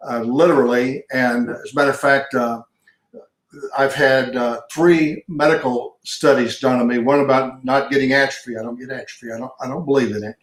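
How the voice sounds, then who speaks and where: An older man, a pastor and retired police sergeant, telling stories in an interview and acting out the dialogue. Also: mid-range voice. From Texas. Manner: folksy storyteller, acts out dialogue. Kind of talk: storytelling in an interview. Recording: roomy echo.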